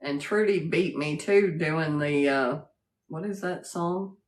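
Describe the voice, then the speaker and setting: A woman's voice: sits low, slow pace. A woman hosting a casual livestream, greeting viewers by name and laughing often as she chats. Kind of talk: casual live chat.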